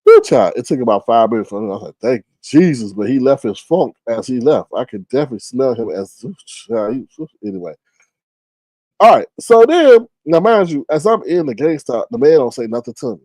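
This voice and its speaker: A man hosts a casual livestream, chatting and storytelling in a gossipy, profane manner. His pitch leaps all over the place and his voice is warm and mellow. The sound is dry and close. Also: brisk, no echo. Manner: animated, profane, gossipy, with big pitch jumps when quoting. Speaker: livestream host.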